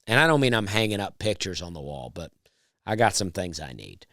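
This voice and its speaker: A man, a stand-up comedian, telling a drawling, deadpan comedy story. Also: sits low, a little fast, dry recording, clean studio sound.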